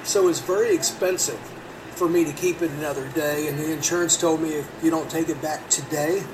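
A man's voice: fairly high pitch, fairly quick. A middle-aged man, a podcast host, telling a long profane story in a rambling casual way. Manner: rambling, profane, animated when quoting. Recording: distant mic with background noise.

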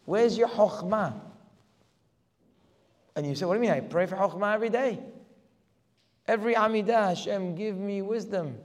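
A man teaches a religious class in a slightly high voice, moving from quiet asides to insistent, climbing emphasis. He peppers his points with rhetorical questions. The sound carries a long reverb, as in a hall. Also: normal speed, pauses often. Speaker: Torah teacher. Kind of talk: religious lecture.

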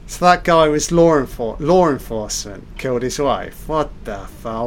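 A man's voice: mid-range voice, animated, moderate pace, hardly any pauses, a little hiss or hum. A man giving a loose, off-the-cuff film commentary, reacting aloud and swearing at the scenes.

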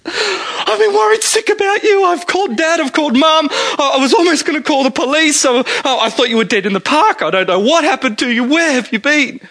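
A male preacher voicing his tearful, panicked young wife in a high, pleading voice. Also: expressive, fairly quick, fairly bright tone. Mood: frantic. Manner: high-pitched, breathless and pleading. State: crying.

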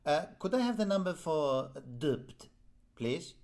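Confused-caller bit, man putting it on, slow and muddled. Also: fairly high pitch, expressive, a little mellow. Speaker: prank caller.

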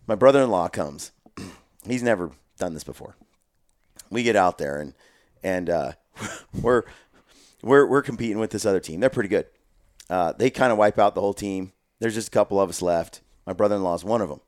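A man with a fairly low voice, recorded close and dry, chats on a podcast. He tells stories with animation and slips into the voices of the people he describes. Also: moderate pace, no room sound. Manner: animated storyteller who acts out voices. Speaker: podcast co-host. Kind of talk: casual podcast chat.

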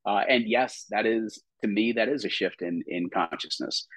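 A man's voice: fairly low pitch, normal speed, fairly bright tone, no echo, low-quality recording. A man who works as a personal coach, guest on a podcast, speaking reflectively and laughing easily. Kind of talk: conversational interview.

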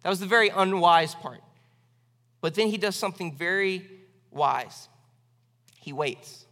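A young man, a youth pastor, preaching a sermon in a church with lively, acted-out asides. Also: unhurried, long reverb tail. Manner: animated, acts out quoted voices with big swings in pitch and loudness. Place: church sanctuary.

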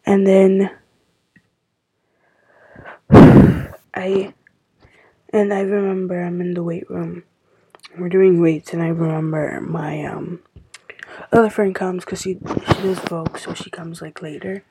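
A woman's voice: fairly low pitch, fairly even intonation, slow, long pauses, mellow, husky, no echo, low-quality recording. A woman hosting a casual confessional podcast, rambling with lots of filler words and sometimes dropping almost to a whisper. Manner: rambling, heavy use of "like" fillers; drops to a near-whisper at times. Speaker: podcast host.

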